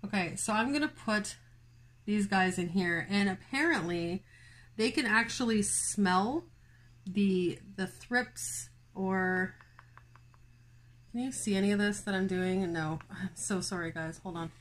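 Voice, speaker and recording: Female vlog host, easygoing chatty delivery with fillers and laughs, slow pace. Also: mid-range voice. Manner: chatty, filler-heavy, giggly, talks to viewers. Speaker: plant channel host. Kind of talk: casual chat vlog. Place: home, indoors.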